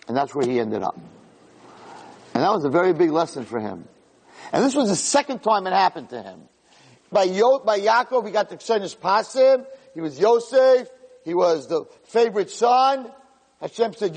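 A man giving an animated Torah class, acting out quoted lines with big swings in his voice. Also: normal speed. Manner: animated, acts out quotes with big pitch jumps. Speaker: Torah lecturer. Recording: long hall reverb.

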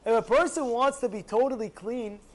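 A man's voice: very high-pitched, normal speed. A young man teaching a religious lesson to a class, telling stories animatedly and often asking his listeners rhetorical questions. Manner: animated storyteller who acts out angry outbursts.

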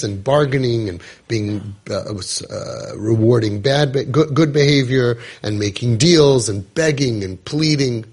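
Husky emphatic man telling a story. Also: mid-range voice, a little slow, darkish tone. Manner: emphatic, repetitive, dramatic retelling. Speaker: parenting coach. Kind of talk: podcast storytelling talk.

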